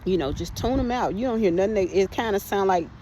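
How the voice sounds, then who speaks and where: A woman in the middle of her pitch range recounts her own testimony for a podcast. She talks in an unscripted, conversational way, turns to her listeners with "y'all" and often stops to restart her sentences. A faint hum sits behind her voice. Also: lively intonation, fast, mellow, poor audio. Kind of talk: personal testimony storytelling.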